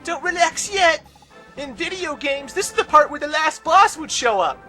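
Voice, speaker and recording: A man voicing a cocky young kid from a game, talking up a raised pitch. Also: animated, normal speed, sharp tone, soft background music, heavily acted. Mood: smug.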